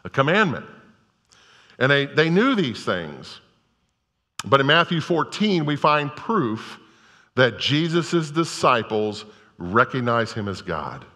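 A man's voice: medium pitch, very animated, takes it slowly, pauses often, bright, forceful tone. A male pastor preaching a sermon to a congregation, telling scripture stories in a conversational, storytelling way. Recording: long reverb of a large hall.

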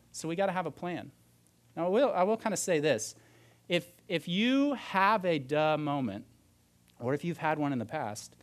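A man preaching a sermon in church, talking in a conversational, practical way with frequent restarts. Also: on the high side. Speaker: pastor.

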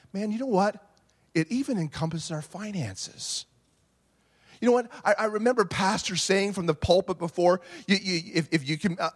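A man preaching a sermon, animated, swinging from quiet reflection to shouting. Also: a little high. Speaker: pastor.

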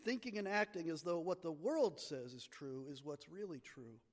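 A man's voice: on the high side, animated, normal speed. A man preaching a sermon as pastor, teaching with emphasis and leaning hard on key words. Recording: long reverb of a large hall.

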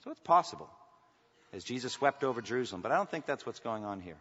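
A man preaching a sermon in a church, swinging from loud emphatic bursts to hushed asides. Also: mid-range voice, very animated, quick pace, breathy edge. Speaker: pastor. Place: church sanctuary. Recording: muffled sound in a reverberant hall.

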